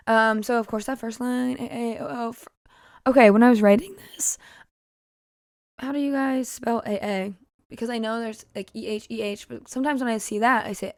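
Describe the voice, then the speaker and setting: A woman's voice: a little high, fairly even intonation, normal speed, dry recording, studio quality. A woman musician chatting casually about her own song, rambling through tangents with frequent laughs and fillers. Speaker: singer-songwriter discussing her song. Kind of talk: casual podcast chat.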